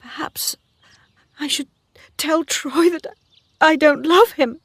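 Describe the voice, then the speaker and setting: A woman's voice: high-pitched, takes it slowly, dry recording, clean studio sound, pitched above the performer's own voice. A woman reader voicing a spirited young woman farmer in an earnest, pleading way. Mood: pondering. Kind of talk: dramatic story reading.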